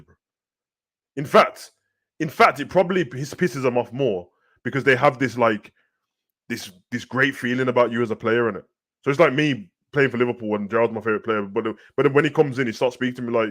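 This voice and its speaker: A man with a Birmingham accent, co-hosting a casual football chat and talking in an animated, slang-heavy way. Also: mid-range voice, quick pace. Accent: Birmingham English. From Birmingham, England. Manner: animated, slangy, repeats "bruv". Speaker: co-host.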